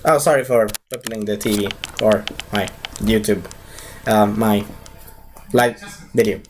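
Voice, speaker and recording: A young man giving a casual live movie review, rambling and excitable, with lots of fillers and broken grammar. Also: on the low side, a little slow, slight background noise.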